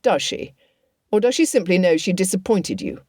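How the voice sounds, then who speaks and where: A woman reading an audiobook voices a protective young officer, speaking roughly and earnestly. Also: fairly low pitch, lively intonation, moderate pace, darkish tone, no room sound, studio quality. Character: wry protective cousin, a young army officer.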